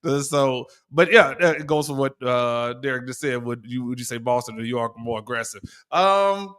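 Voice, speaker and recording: A man's voice: medium pitch, moderate pace, a bit bright, clean tone. Laughing man in easy podcast chat. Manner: laughs often, mimics voices playfully. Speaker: podcast co-host.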